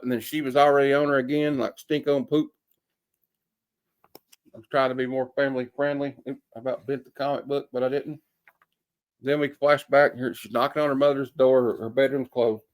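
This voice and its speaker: A man talks through a comic book in a loose, chatty way, pausing often with fillers as he thinks. His voice sits in an ordinary middle range, and he leans on folksy sayings. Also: mid-range voice, darkish tone. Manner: rambling, hesitant with many fillers. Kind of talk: casual comic review.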